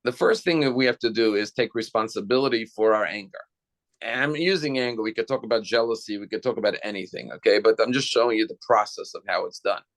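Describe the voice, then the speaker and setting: A man's voice: fairly low pitch, fast talker, a bit bright. A man giving a sermon as a rabbi, explaining step by step and asking the listeners rhetorical questions.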